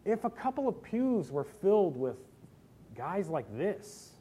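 A man's voice: sits high, big pitch swings, unhurried, mellow, slightly rough. A middle-aged man preaching a sermon, telling personal stories with self-deprecating humor. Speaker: pastor.

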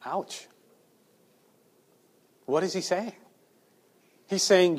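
A male preacher delivers a sermon with a high, animated voice that swoops far up and down. He keeps asking his listeners rhetorical questions and acts out the quotes he gives. His pitch stays well above most men's. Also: a little slow.

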